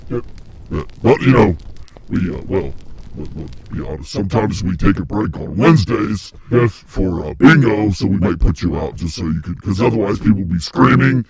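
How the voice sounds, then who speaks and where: A man's voice: low voice, expressive, moderate pace, a little hiss or hum, pitched below the performer's own voice. A man voicing a gleeful male devil who mocks and welcomes sinners down in hell, taunting and cackling. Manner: taunting, cackling, sometimes shouting.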